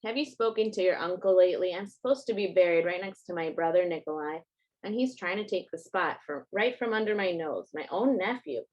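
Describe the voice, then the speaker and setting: A woman reading aloud voices a stubborn elderly grandmother who scolds and complains to her granddaughter in a fairly low voice. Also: a little fast, darkish tone, highs cut off, natural voice. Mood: complaining.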